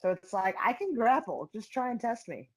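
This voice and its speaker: A woman's voice: on the high side, normal speed, rough recording. Blunt, profane young woman telling stories. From Philadelphia. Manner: blunt, profane, animated storyteller. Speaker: MMA fighter, guest. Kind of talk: casual interview storytelling.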